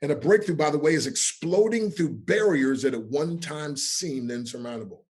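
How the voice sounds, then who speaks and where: Animated male storyteller, hushed to emphatic. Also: fairly high pitch, normal speed. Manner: acts out quoted voices in his stories. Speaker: podcast guest, coach. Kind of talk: emotional storytelling in an interview.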